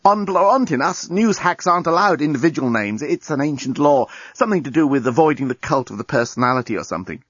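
A man voicing a gruff, wounded alien journalist who growls and gasps and dodges questions. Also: on the high side, animated, quick pace, hardly any pauses, a bit bright, no room sound, highs cut off, voice pushed up. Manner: growling, gasping.

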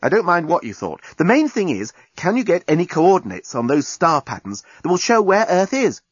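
A man voicing an excitable, quick-tempered young woman in a storybook reading, with high, eager exclamations. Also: slightly rough, no room sound, exaggerated voice. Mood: excited. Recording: dull lo-fi recording.

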